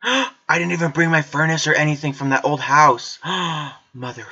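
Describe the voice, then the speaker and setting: A woman's voice: sits low, fairly even intonation, normal speed, bright, forceful tone, faint music behind. A woman doing let's play commentary, chatty with herself and screaming and swearing whenever she gets startled. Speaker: gamer. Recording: slightly dull lo-fi recording.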